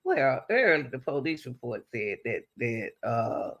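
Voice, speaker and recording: A woman giving casual true-crime commentary, talking straight to her viewers with rhetorical questions and lively swings between high exclamations and low asides. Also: a little slow, dull audio.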